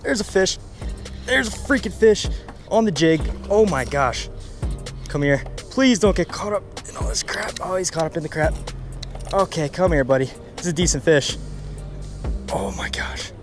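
Male outdoor vlogger: casual, excitable, prone to loud outbursts, voice on the higher side, recorded by a pond. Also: normal speed, long pauses, faint music behind. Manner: excitable, bursts into loud exclamations over catches. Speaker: fishing vlogger. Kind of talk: casual outdoor fishing vlog.

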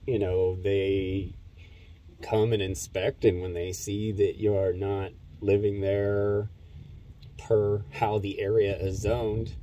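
A man's voice: on the low side, a little mellow. A man casually recounting a conversation with a friend, rambling with many fillers. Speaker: commentator. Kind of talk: casual storytelling monologue.

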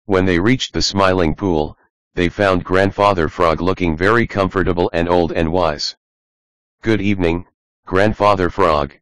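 Low smooth male storybook narrator. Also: moderate pace, dry recording, low-quality recording. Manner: even storybook reading. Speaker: audiobook narrator. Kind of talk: scripted narration.

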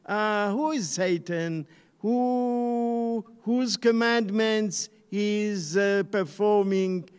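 High-voiced man, unhurried scholarly lecture. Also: a little mellow, clear, resonant tone, long reverb tail. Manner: slow, searching, with many pauses and restarts. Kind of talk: online lecture.

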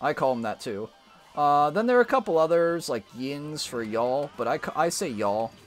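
Animated American man streamer. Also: on the high side, moderate pace, soft background music. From United States. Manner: rambling, animated, trails off into restarts. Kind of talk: casual gaming chat.

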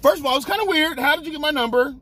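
A young man hosting a casual snack review vlog, ranting in an excitable, animated way. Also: extremely high pitch, very fast, no room sound.

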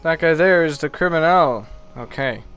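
A man streaming a video game live, chatting with viewers and reacting excitedly and goofily to the play. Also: on the high side, moderate pace, smooth, faint music behind. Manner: excitable, goofy, talks to chat. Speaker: gaming streamer. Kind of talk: live gameplay commentary.

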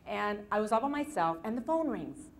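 Woman, seminar speaker, storytelling, lively retelling, motivational talk, mid-pitched. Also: brisk, a little hiss or hum. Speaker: self-help seminar speaker.

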